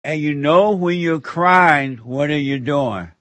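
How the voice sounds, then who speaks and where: Man, radio call-in host, preacherly, rambling, slow-spoken, fairly high voice, dry close sound. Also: a bit bright, dry recording. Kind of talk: call-in radio talk with spiritual counsel.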